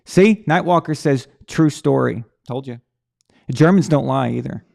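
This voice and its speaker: A man hosts a casual sports talk livestream, thinking out loud in a rambling way full of restarts and repeated words. His voice is medium in pitch and somewhat dark, with vocal fry, and he never hurries.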